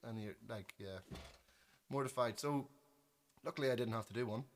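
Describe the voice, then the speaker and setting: A man's voice: mid-range voice, normal speed. A young man from Northern Ireland with a Northern Irish accent telling a funny, self-deprecating story to his livestream viewers. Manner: self-deprecating, animated, trails off and restarts. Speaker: musician on livestream. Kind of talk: casual storytelling.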